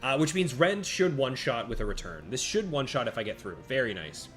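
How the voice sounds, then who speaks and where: A man's voice: medium pitch, animated, brisk. Chatty male game streamer. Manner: chatty, answers chat by name, reacts out loud to each turn. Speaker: streamer playing a handheld monster-battle game. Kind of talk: casual live-stream commentary. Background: faint game music.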